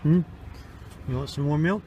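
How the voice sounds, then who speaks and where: A man's voice: fairly high pitch, moderate pace, warm tone, lo-fi sound, slight background noise. Older grandfather coaxing a baby. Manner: coaxing, chatty, talks to a baby. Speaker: grandfather filming his granddaughter. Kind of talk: casual home video.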